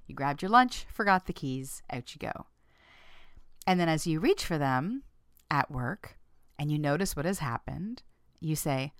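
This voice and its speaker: Lively, playful woman host, clear and dry. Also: unhurried, long pauses, no echo. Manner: laughs often, playful and frank; acts out quoted lines with sudden pitch jumps. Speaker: podcast host. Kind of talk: casual self-help talk to listeners.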